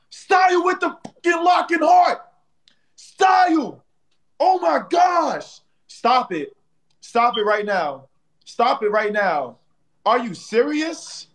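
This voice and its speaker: A man's voice: sits high, fairly bright tone. A man hosting a live stream in casual banter, playfully trash-talking and teasing his viewers and a rival, slangy and repetitive, tagging lines with "bro.". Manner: slangy, repeats phrases, tags lines with "bro". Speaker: livestream host.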